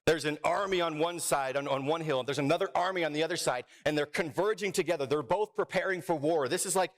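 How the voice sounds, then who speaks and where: Male pastor, fairly high voice, playful sermon with live crowd work and running jokes. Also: fast, fairly bright tone. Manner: playful, jokey, lots of restarts and asides. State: out of breath. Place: church sanctuary.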